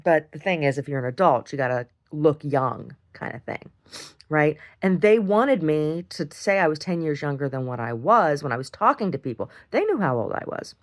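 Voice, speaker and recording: Woman, lower voice, blunt diary-style storyteller, casual and animated. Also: moderate pace. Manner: animated, frank storytelling with lots of "like" and "right?". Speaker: video diarist. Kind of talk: casual monologue.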